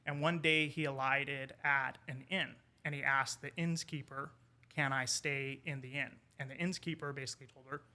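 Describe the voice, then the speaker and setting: A man, an English professor, telling a folk tale in casual conversation over wine, animated and quoting the characters. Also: medium pitch. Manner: animated retelling with quoted character lines. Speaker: podcast guest, English professor.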